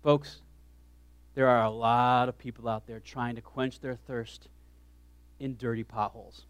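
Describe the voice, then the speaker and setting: A man preaching a sermon as pastor, animated, swinging from hushed asides to shouted lines. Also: mid-range voice, unhurried, smooth, no echo.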